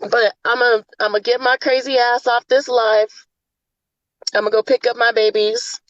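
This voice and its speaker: A woman hosting a livestream talks bluntly, swearing freely, her emotions close to the surface. Her voice sits a little high. The sound is dry and dull, with a lo-fi feel. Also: little pitch movement, moderate pace, dry recording. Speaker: livestream host. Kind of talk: emotional casual talk.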